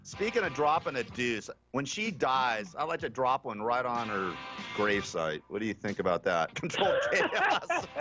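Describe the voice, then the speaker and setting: A man's voice: mid-range voice, animated, moderate pace, music in the background. A man hosting a radio talk show, ranting brashly in casual talk and laughing often, heard through a dull, muffled broadcast.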